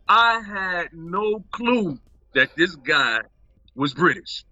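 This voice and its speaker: Bright, animated man telling set stories. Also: high voice, slow, no room sound, lo-fi sound. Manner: animated, acts out quotes in raised voices, laughs often. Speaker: actor, interview guest. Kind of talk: casual interview storytelling.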